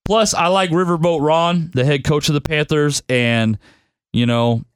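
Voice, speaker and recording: A man's voice: a little high, unhurried, clean tone, no echo. A young man hosting a casual sports-betting podcast, laid-back and grumbling that he is tired. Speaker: podcast host picking football bets.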